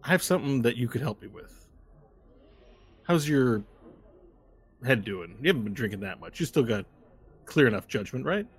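A man's voice: medium pitch, animated, moderate pace, long pauses, husky. A man voicing a boastful, rambling immortal devilish figure in a bar during a tabletop game. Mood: sly. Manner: chatty, rambling, tipsy.

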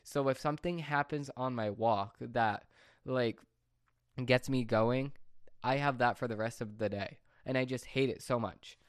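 A teenage boy vlogger delivers a casual monologue to camera, rambling, repeating himself, and ranting in exasperation at his viewers. His male voice is medium-pitched and unhurried, with studio-quality sound and no echo.

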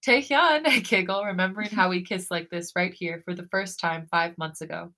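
A woman co-hosting a podcast, reading a romantic fan fiction story aloud in a soft, intimate way. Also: on the low side, flat delivery, fairly quick. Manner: soft, breathy romantic reading, then gushing and giggly.

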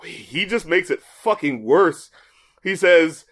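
A man with a fairly high voice talks through a music review in loose, casual chat. He sounds exasperated and swears freely as he picks the lyrics apart. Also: animated, takes it slowly, fairly bright tone. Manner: exasperated, swears a lot, reads lyrics aloud in mocking voices. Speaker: music critic co-host.

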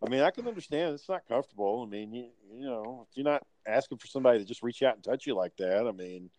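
Casual male co-host, mid-pitched, dry close-miked sound, swears a lot and animates his anecdotes. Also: quick pace, no echo, low-quality recording. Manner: profane, animated storyteller who acts out other people's lines. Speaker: podcast co-host. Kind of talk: casual storytelling chat.

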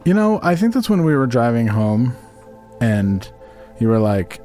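A man's voice: medium pitch, sing-song, measured pace, mellow, faint music behind. A man co-hosting a crude comedy podcast, bantering and stumbling over his words as he reads aloud. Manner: stumbling, restarts mid-sentence when reading aloud. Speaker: podcast co-host.

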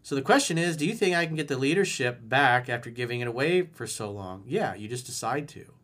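A male relationship coach replying to a viewer's letter on video. His voice sits at an ordinary middle pitch for a man. He reads the questions out and then answers in a blunt, emphatic way, with casual swearing. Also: lively intonation, fairly quick, a bit bright. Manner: blunt, profane, emphatic advice.

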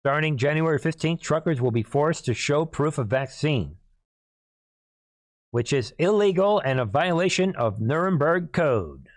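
A hoarse man hosting a political commentary monologue, emphatic, repeatedly clearing his throat and calling out to listeners as "people". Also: fairly high pitch, expressive, unhurried, no echo. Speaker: host.

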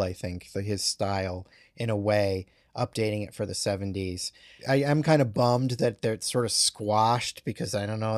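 A man's voice: lowish voice, a little mellow, no room sound, studio quality. A man co-hosting a casual film discussion in a laid-back, wry way. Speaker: podcast co-host.

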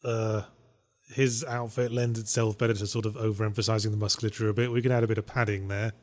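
A man's voice: lowish voice, flat delivery, fast talker, a little mellow. A man trading easygoing chat as a co-host. His humour is dry and sardonic. He often sounds mock-gloomy and unimpressed. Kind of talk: casual chat.

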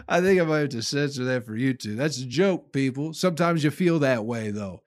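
A man's voice: on the low side, expressive, brisk, few pauses, no room sound, studio quality. A man hosting his own comedy podcast, delivering a rambling, profane monologue that he aims at listeners he calls people. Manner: acts out his own inner voice in quotes.

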